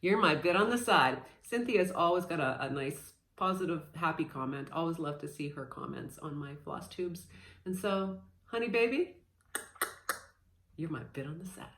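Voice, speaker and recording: A woman's voice: low-pitched, moderate pace. A woman in her thirties chatting casually and playfully as she shows off her cross-stitch haul, a bit scattered with lots of fillers. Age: 30s. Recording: echoey room.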